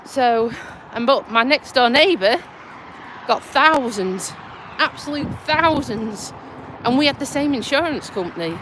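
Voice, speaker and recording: A woman's voice: sits high, expressive, unhurried, fairly bright tone, a little hiss or hum. A woman with a Lincolnshire accent chatting bluntly on a live stream while walking outdoors, out of breath and stuffy with a cold. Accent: Lincolnshire English. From Lincolnshire, England. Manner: chatty and blunt, swears casually. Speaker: vlogger and community nurse. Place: outdoors by a tidal river bridge.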